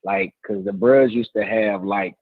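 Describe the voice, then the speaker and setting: A man in his thirties, a teacher and co-host, telling stories in casual slangy chat and acting out quotes with lively voices. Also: lowish voice, unhurried, no echo, narrow, tinny audio. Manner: animated storytelling, slangy, acts out quotes.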